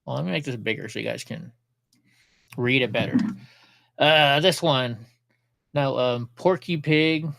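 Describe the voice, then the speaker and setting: A man's voice: mid-range voice, a little slow, vocal fry, long pauses, a bit bright, no echo. A man hosting a casual political news livestream, talking sarcastically, laughing at clips and chatting with viewers. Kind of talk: casual commentary.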